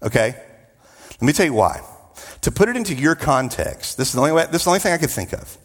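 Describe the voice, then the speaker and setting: A man preaching a sermon, emphatic, with drawn-out repetitions and joking asides. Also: fairly high pitch, big pitch swings, slightly rough, in a large hall.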